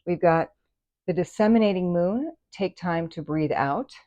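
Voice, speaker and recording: A woman's voice: lowish voice, unhurried, lo-fi sound. A woman giving a chatty, casual tarot reading, full of fillers and exclamations. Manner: chatty, animated, many fillers. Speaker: tarot reader.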